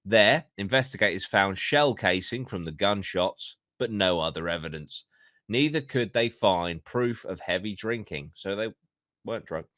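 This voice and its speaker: Bright-voiced podcast host. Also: male voice, on the low side, animated, moderate pace, no echo, clean studio sound. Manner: reads aloud with swearing, jokey asides. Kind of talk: casual podcast storytelling, reading from notes.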